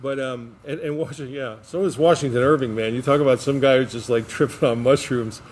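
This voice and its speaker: A man's voice: mid-range voice, steady tone, fairly quick, slight background noise. A man co-hosting a podcast, telling a rambling story with frequent restarts. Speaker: podcast co-host. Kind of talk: casual chat.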